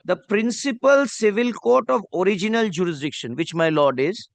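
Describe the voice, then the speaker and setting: This courtroom argument comes from a man with a high, creaky, animated voice at normal speed, recorded without echo. He speaks Bengali-accented Indian English, addresses the judge deferentially with constant "my lord"s, and reads clauses aloud.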